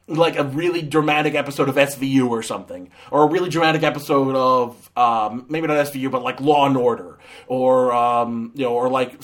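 A man's voice: a little high, a bit bright. A man giving a casual, ranting movie review, sarcastic, with many fillers and restarts.

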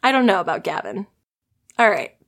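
A woman's voice: mid-range voice, big pitch swings, brisk, vocal fry, fairly bright tone. A young woman hosting a podcast, telling stories in a chatty, giggly, digressive way. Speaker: podcast host. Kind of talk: casual podcast storytelling.

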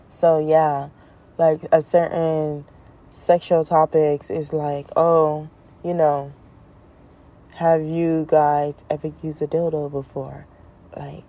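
A woman hosting her own show, talking in a blunt, profane, animated comedic monologue. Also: sits low, poor audio. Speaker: podcast host.

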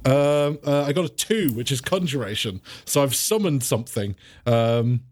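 A man's voice: mid-range voice, lively intonation, moderate pace, darkish tone. A man playing a tabletop role-playing game, hesitant and giggly as he works out his moves. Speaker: player.

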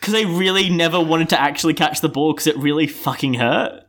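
A man's voice: fairly high pitch, fairly quick, fairly bright tone, a little hiss or hum. Laid-back rambling man. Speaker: stand-in podcast co-host. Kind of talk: casual podcast chat.

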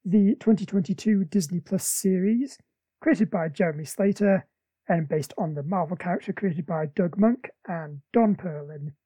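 A man hosts a casual podcast, trading playful jokes and quick asides. His voice is husky, and the sound is close and dry. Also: sits high, dark tone, dry recording. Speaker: podcast host.

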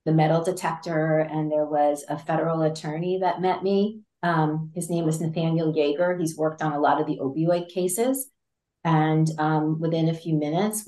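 A woman guest in an interview, telling a story in a lively way with frequent laughs, fillers and restarts. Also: low voice. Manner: animated, laughs often, many fillers and restarts. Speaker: interview guest, patient advocate. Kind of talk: conversational storytelling. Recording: roomy echo.

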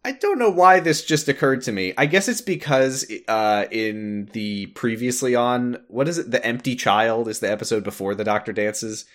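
A man's voice: medium pitch, moderate pace, hardly any pauses, a bit bright. A man co-hosting a podcast, retelling an episode in casual chat with dry, sarcastic asides. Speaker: podcast co-host.

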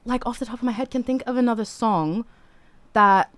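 A woman's voice: fairly high pitch, a little fast, clean tone, dry recording. A woman, a singer who is a podcast guest, chatting casually and rambling, with many filler "like"s. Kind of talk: casual chat.

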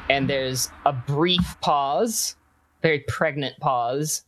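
A woman narrating a tabletop role-playing game as game master, with an animated delivery and frequent "uh" and "um" fillers. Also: rumbling low, slow pace, slight background noise, rough recording. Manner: lively narration with hesitant fillers.

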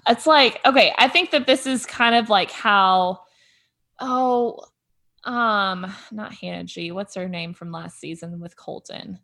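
A woman's voice: a little slow, creaky. A woman co-hosting a podcast, chatting casually with many fillers. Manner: chatty, uses many fillers, drops low and soft at times. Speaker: podcast co-host. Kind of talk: casual recap chat.

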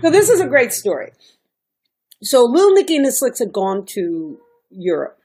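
A middle-aged woman, a singer and songwriter, telling stories in a casual interview, animated and laughing often. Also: a little high, normal speed, slightly rough. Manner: animated storyteller, laughs often, mimics quoted voices.

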